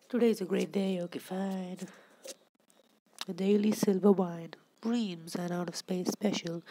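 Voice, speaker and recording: Woman gaming commentator, mellow dark tone, unhurried and chatty. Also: on the low side, steady tone. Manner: chatty, talks to viewers and to the fish on screen. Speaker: gameplay commentator. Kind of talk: casual gameplay commentary.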